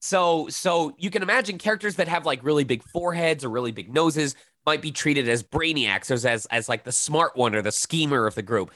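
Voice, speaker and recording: A man in his thirties, a voice actor talking casually in an interview, lively and quick to slip into demonstration voices. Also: fairly high pitch, no room sound. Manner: animated, demonstrates voices mid-sentence. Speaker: voice actor guest.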